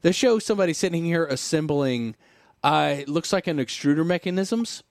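A man's voice: on the high side, moderate pace, no echo, studio quality. A man hosting a casual podcast, reading a news article aloud and breaking off for sarcastic remarks and sighs. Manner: sarcastic, wry asides and sighs.

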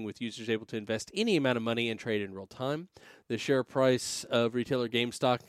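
A man's voice: mid-range voice, dry recording, studio quality. A man casually reading news aloud on a podcast, stumbling over words and joking. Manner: reads haltingly with many fillers and restarts, laughs often.

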